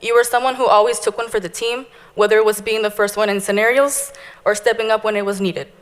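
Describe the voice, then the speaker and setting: A woman's voice: medium pitch, fairly even intonation, fast talker. A young woman in her twenties, a graduating police cadet giving an earnest, heartfelt thank-you speech. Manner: earnest, heartfelt, tearful near the end. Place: large hall. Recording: reverberant hall.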